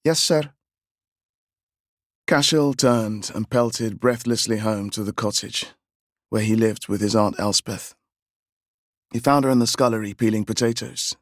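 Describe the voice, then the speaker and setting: A male audiobook narrator reads scripted narration in a measured, even storytelling voice. His pitch is fairly low, and the recording is dry with clean studio sound.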